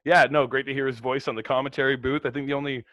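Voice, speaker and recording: A man co-hosting a casual wrestling podcast, chatty and quick to laugh, sometimes slipping into mock voices. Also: medium pitch, little pitch movement, fairly bright tone, dry recording, highs cut off. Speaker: podcast co-host.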